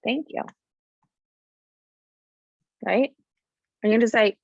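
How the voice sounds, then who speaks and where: Slow, gravelly woman thinking aloud in class. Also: lowish voice, expressive, no room sound, lo-fi sound. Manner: halting, thinks aloud with many fillers; frank, blunt about client handling. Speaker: coding bootcamp instructor. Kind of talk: live coding lecture.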